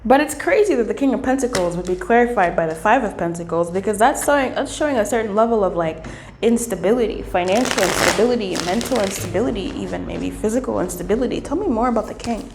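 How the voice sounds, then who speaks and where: A woman giving a casual tarot reading, playful and animated, who swears freely and acts out little voices. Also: medium pitch, fast. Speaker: tarot reader. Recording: echoey room with faint hiss.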